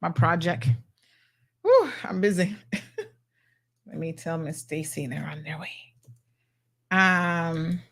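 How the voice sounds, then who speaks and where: A woman's voice: fairly low pitch, animated, takes it slowly, pauses often, fairly bright tone. A middle-aged woman hosting a talk show, blunt and sassy as she reacts to viewer comments.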